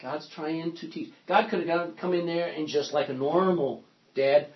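A man's voice: a little high, steady tone, moderate pace, breathy edge. A man teaching a Bible study class, reading scripture aloud and putting questions to his listeners. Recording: dull lo-fi sound.

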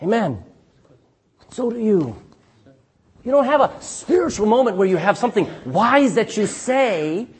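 A male pastor with a high, husky voice preaches with dramatic swings from loud to hushed. He reads old-fashioned scripture aloud, and his pitch rises and falls widely as he calls for amens from the congregation. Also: sing-song, a little slow, long pauses. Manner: asks the congregation for "Amen?" responses; reads scripture in King James wording. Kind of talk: sermon.

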